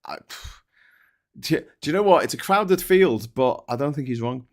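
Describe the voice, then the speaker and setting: A man's voice: mid-range voice, lively intonation, normal speed. A British man co-hosting a casual live stream, reading viewer comments and ranting bluntly with frequent swearing and restarts.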